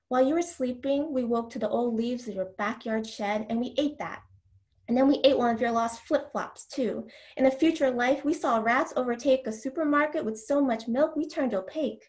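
A woman poet giving a slow, deliberate reading of her own poems, with casual asides and ums between them. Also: fairly high pitch, darkish tone. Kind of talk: poetry reading.

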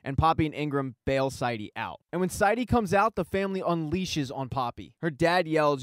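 A man's voice: fairly high pitch, big pitch swings, brisk, few pauses, dry recording, clean studio sound. A man casually recapping a TV season, retelling the plot with wry asides. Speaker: TV recap host.

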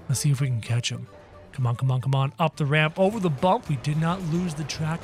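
A man giving excited, energetic commentary over his game, talking straight to his viewers. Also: fairly high pitch, a little fast, soft background music. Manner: energetic, talks to viewers as "guys". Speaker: gaming video creator.

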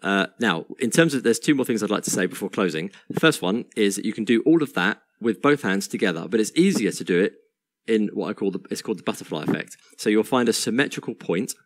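A man teaching a piano exercise in a relaxed, chatty way, counting beats aloud as he plays. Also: lowish voice, quick pace, no room sound. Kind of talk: casual instructional talk over piano playing. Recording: piano playing loud behind the voice.

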